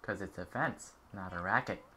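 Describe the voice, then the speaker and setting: A man's voice: low-pitched, normal speed, sharp tone, slight background noise. A young man giving casual, jokey gameplay commentary and chatting at the game characters. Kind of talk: casual let's-play commentary.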